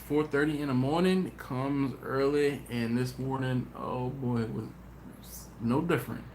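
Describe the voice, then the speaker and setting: Tired man telling animated stories. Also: medium pitch. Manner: animated storytelling, voices his friends. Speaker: BBQ channel host. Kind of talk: casual livestream chat. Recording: echoey room with faint noise.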